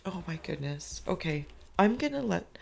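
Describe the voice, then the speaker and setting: A spirit reader hosting an inkblot reading, with a gravelly, fry-edged voice at an ordinary middle pitch. The talk wanders in loose, repeated phrases and turns emotional, often sinking into soft half-whispers. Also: sing-song, moderate pace. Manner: loose, repetitive phrasing with many fillers. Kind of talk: channeled spirit reading, spoken freely.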